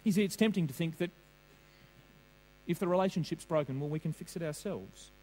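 A man's voice: fairly high pitch, brisk, a little mellow, poor audio. A man preaching a sermon, earnest and questioning, drawing on vivid everyday examples.

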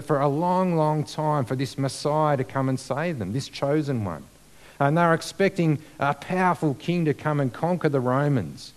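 A man's voice: mid-range voice, darkish tone. A man preaching a sermon in a conversational way, with many fillers and rhetorical questions.

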